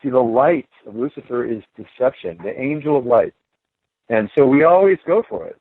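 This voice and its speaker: A man's voice: mid-range voice, lively intonation, normal speed, breathy edge, no echo. A man, a guest author, talking emphatically in a podcast conversation, laughing between his points. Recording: tinny phone line.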